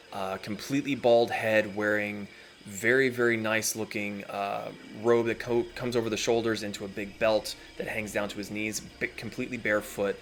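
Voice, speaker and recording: A man's voice: fairly low pitch, fairly bright tone, slight background noise. A man narrating a tabletop game as dungeon master, describing scenes at an easy pace with many fillers.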